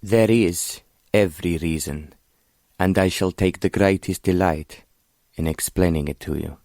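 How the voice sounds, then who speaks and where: A man's voice: low voice, measured pace, a little mellow, dry recording, studio quality. A man doing a sly, heavily accented foreign prince. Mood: oily, leering. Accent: heavy foreign accent.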